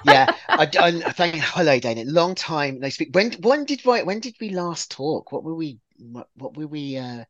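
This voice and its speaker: A man's voice: fairly high pitch, normal speed, hardly any pauses, lo-fi sound, a faint crowd. A man from England, a guest on a podcast, chatting casually and telling stories with lots of stammers and restarts. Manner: lively storyteller, stammers and restarts.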